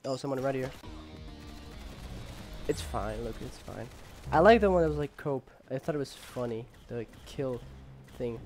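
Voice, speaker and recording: A young man casually commenting on his gameplay, rambling with lots of fillers and jokes, and sometimes yelling when excited. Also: medium pitch, normal speed, long pauses, faint music behind. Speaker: gamer.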